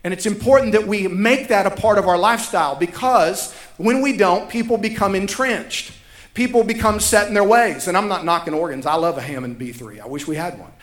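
A man's voice: high-pitched, a little fast, roomy sound. A man, preaching a sermon as pastor, emphatic and repeating key lines for effect. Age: 30s.

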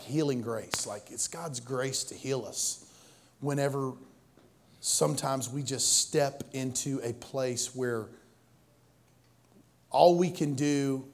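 A male pastor preaching a sermon, animated, swinging between loud bursts and quiet asides. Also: medium pitch.

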